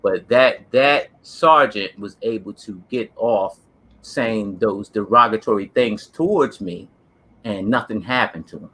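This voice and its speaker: Bright-voiced New man, earnest storyteller. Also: fairly low pitch, measured pace, breathy edge. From New Jersey. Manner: earnest, emphatic, street-casual storytelling. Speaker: co-host, former police officer. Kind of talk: casual storytelling chat.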